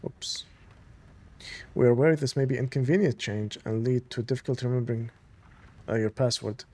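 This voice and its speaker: In this let's-play, a gamer alternates between reading in-game documents and gushing like a fan. His mid-pitched voice moves at a normal speed, and he sounds relaxed and conversational.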